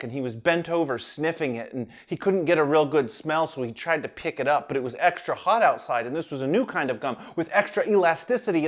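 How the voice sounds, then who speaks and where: A man narrating a children's story in an animated, playful way. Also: fairly high pitch.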